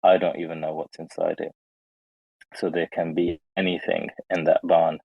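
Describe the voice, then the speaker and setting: A man in casual chat, calmly and patiently explaining things. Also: low voice, moderate pace, slightly rough, no echo, dull audio.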